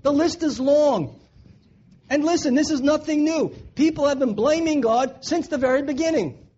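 A man's voice: very high voice, moderate pace, darkish tone. A man preaching a sermon in an earnest way, repeating his points for emphasis. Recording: dull lo-fi recording.

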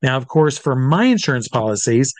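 A middle-aged man, a comedy stage hypnotist, telling an animated story in an interview and acting out the people in it. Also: mid-range voice, fairly quick, no room sound. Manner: animated, acts out voices in his stories.

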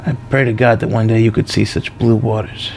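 A man's voice: fairly low pitch, little pitch movement, a little fast, creaky, a little mellow, slight background noise. A man voicing a forgetful, nostalgic man in his nineties who rambles through the same old stories. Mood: fond reminiscing.

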